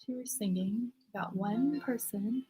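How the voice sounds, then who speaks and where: A woman's voice: a little high, measured pace, warm tone, soft background music. Rambling woman chatting on a livestream. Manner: rambling, joking, jumps between topics. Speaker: livestream host. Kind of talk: casual chat.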